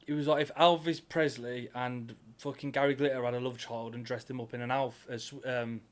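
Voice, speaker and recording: A young British man co-hosting a podcast, telling an animated story between laughs and frequent swearing. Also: mid-range voice, brisk. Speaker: podcast co-host. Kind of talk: casual chat.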